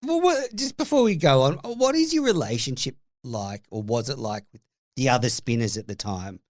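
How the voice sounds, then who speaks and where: A man's voice: mid-range voice, expressive, moderate pace, no echo, studio quality. A man hosting a podcast, asking rambling questions full of fillers. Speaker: podcast host. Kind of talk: casual interview.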